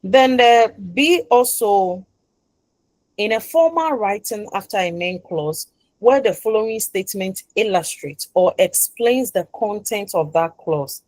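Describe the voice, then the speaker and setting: A woman lectures a class in a mid-pitched voice. She goes over each point more than once and stops to ask "what?" so the class can fill in the answer. Her voice sounds close and dry, with no room echo. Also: lively intonation, unhurried, a little mellow. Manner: leaves sentences open with "what?" for the class to finish; repeats and rephrases points, checking the class follows. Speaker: university lecturer.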